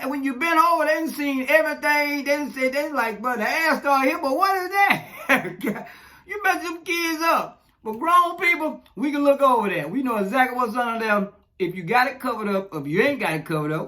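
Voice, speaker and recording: This man in his 40s, a social media commentator, rambles and chuckles through a profane, casual rant. He has a high voice with a bright, forceful tone.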